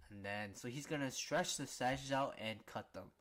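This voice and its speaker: A man's voice: fairly low pitch, measured pace, fairly bright tone. Man, streamer, casual manga reaction, chatty, lots of fillers.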